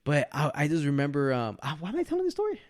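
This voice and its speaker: A man's voice: fairly high pitch, huge pitch swings, fast talker. Rambling young guy telling a story. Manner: rambling storyteller who acts out other people's lines. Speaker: podcast co-host. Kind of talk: casual podcast chat.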